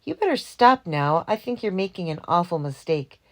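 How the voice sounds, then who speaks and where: A woman's voice: fast, lightly acted. Woman voicing a roaring, laughing truck driver. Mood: calm. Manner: bursts into loud high laughter.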